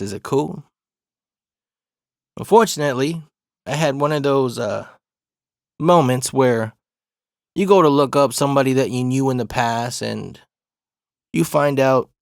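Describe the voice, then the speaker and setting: A man's voice: mid-range voice, no echo, clean studio sound. A man in his forties hosting a podcast, telling stories in a laid-back, rambling way full of profanity. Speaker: podcast host. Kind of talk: casual storytelling monologue.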